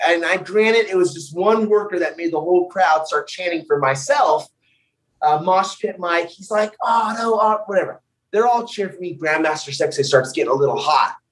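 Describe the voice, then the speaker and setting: A young man, a wrestler, telling wild road stories on a podcast in a loud, profane, animated way. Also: sits high, recorded from a distance, low-quality recording. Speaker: wrestler guest. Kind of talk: casual podcast storytelling.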